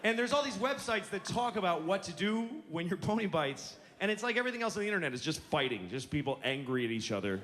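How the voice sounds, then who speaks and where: A man's voice: high-pitched, big pitch swings, quick pace, few pauses, a bit bright, long reverb tail, a little hiss or hum. A man in his forties telling exasperated, self-mocking stand-up stories on stage. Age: 40s. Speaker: stand-up comedian. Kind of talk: stand-up comedy storytelling.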